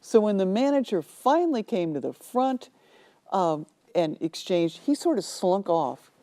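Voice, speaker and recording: A woman author telling lively anecdotes in a TV studio interview, acting out the people in them. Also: mid-range voice, a little slow. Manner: animated storyteller, acts out quoted voices. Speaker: author guest.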